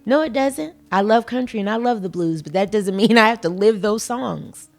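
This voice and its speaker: A woman's voice: mid-range voice, lively intonation, moderate pace, faint music behind. A middle-aged woman hosting a motivational podcast, earnest and folksy, talking with emphatic conviction. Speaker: podcast host.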